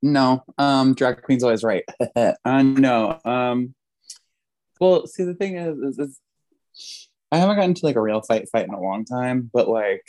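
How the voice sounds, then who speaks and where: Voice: medium pitch, animated, unhurried, darkish tone, dry recording. A podcast guest telling a laid-back story in a casual chat.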